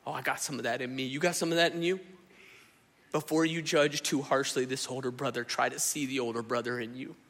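A man, preaching a sermon in a lively, conversational way and often turning to the congregation. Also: medium pitch, brisk. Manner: animated, conversational preaching, addresses crowd as y'all. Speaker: pastor. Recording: echoey hall.

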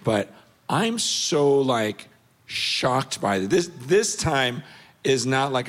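A middle-aged man giving an earnest, animated personal story as a guest on a panel. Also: slow. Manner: earnest, animated storytelling, rising in pitch when intense.

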